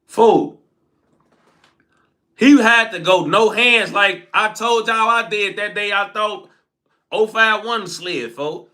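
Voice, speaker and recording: A young man telling a story in casual street slang, animated and quick to laugh, tagging his sentences with "folks" and "bro.". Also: high-pitched. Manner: animated slang-heavy recounting, frequent "folks" tags. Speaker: storyteller host.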